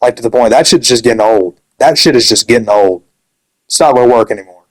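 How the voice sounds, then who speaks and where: A man's voice: mid-range voice, fast, low-quality recording. Young guy ranting hard about a gaming league, curses nonstop, says dude a lot. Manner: heavy swearing, repeats dude. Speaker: gaming community admin. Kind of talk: angry rant.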